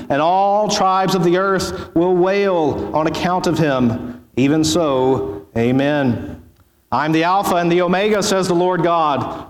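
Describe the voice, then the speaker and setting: Solemn pastor in an echoey church. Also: male voice, high-pitched. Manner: solemn, measured reading. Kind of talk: sermon with scripture reading. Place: church sanctuary.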